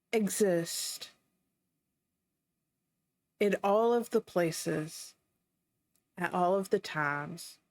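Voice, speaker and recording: Slow, deliberate woman playing an angry goddess. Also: medium pitch, dry recording. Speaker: player. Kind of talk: tabletop role-play.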